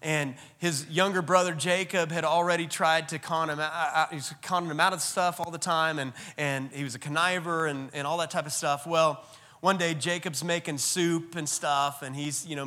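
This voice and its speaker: A man's voice: a little high, steady tone, moderate pace, pushed and bright, big-room sound. A man preaching a sermon in a casual, joking way, talking directly to his congregation. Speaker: pastor.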